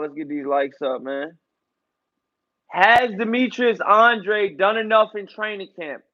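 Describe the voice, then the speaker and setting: Male streamer, high voice, casual hyped fight-night commentary, dull home mic. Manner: loose, hyped, repeats catchphrases and fillers like man and y'all. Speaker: boxing commentator and channel host.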